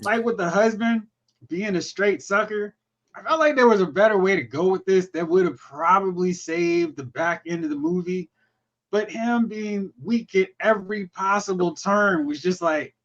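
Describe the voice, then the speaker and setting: A man co-hosting a casual movie review chat, acting out film lines in quick mocking quotes. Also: high-pitched, a bit bright, dull audio. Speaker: podcast co-host.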